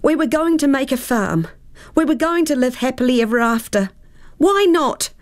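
A woman's voice: high voice, sing-song, normal speed, voice pushed up. A woman voicing a bitter, shivering old great-aunt ghost in a storybook reading, her voice shaky and tearful.

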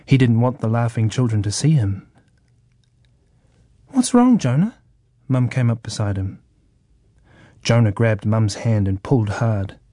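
A man reading a children's story in a calm, measured way. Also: lowish voice, dry recording, clean studio sound.

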